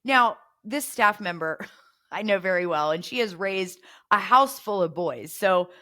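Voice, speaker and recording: A woman's voice: medium pitch, lively intonation, measured pace. Middle-aged woman doing a parenting podcast, coachy, talks through example lines for kids. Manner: warm coaching tone, acts out example phrases. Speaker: podcast host.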